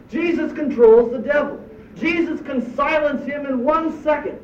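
A man's voice: extremely high pitch, normal speed, a little hiss or hum. A man giving a sermon as a pastor, preaching emphatically with rhetorical questions. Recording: echoey distant dull church recording.

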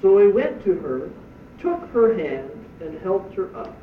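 An emphatic male pastor delivering a sermon, full of rhetorical questions, in a notably high voice. He sounds distant and a little muffled, with a roomy echo and faint background noise. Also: big pitch swings, measured pace. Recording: echoey distant dull church recording.

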